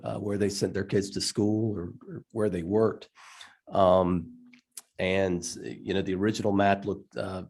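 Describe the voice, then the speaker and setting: Stuffy low-voiced man testifying. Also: darkish tone. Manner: halting, many ums and restarts. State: stuffy from a cold. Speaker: state representative presenting a bill. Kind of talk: legislative hearing testimony.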